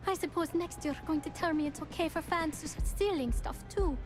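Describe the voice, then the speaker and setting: An actress voicing a bubbly young DJ in a video game, with a cute, high, girlish voice and a touchy streak. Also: brisk. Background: game music.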